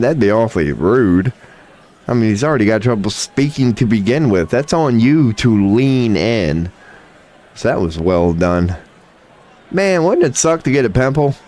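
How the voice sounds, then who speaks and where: Fairly low-pitched and darkish in tone, a male livestreamer delivers joking, trolling reaction banter. His crude remarks come with drawling asides like "come on now, man."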